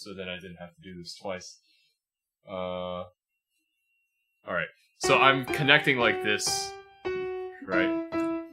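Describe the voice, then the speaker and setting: A man teaching piano on a livestream, patiently explaining as he demonstrates and often checking with "right?". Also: fairly low pitch. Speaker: piano teacher reviewing a student. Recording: piano music playing behind.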